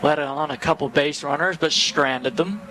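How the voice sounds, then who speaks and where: A man with a slightly raised voice calls live baseball play-by-play from a stadium booth, giving brisk, detailed accounts of every pitch. Faint ballpark ambience hums behind him. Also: pushed and bright, slight background noise, low-quality recording. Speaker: play-by-play announcer.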